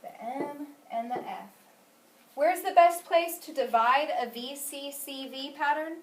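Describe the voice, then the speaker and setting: A woman with a high-pitched voice teaches a phonics lesson at a measured pace, asking questions and patiently praising the answers. The room is echoey and the mic sits at a distance.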